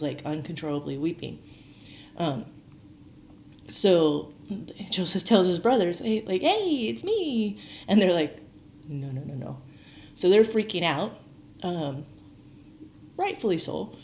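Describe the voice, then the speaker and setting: A woman's voice: lowish voice, a little mellow. A woman educator casually retelling a Bible story, chatty and full of "like", acting out the quotes. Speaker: archaeology educator. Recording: roomy echo, faint noise.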